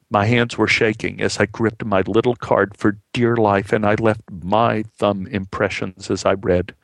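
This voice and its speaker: A man telling a personal story in a measured, heartfelt way, acting out the dialogue as he goes. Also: fairly low pitch, steady tone, gravelly, no room sound, studio quality.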